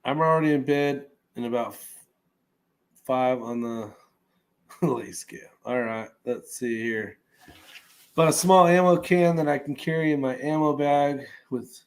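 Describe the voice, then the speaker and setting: In this casual livestream, the host, a man from California, works through viewer comments in a rambling style full of fillers and small chuckles. His mid-range voice has a darkish tone, and he speaks unhurriedly with long pauses.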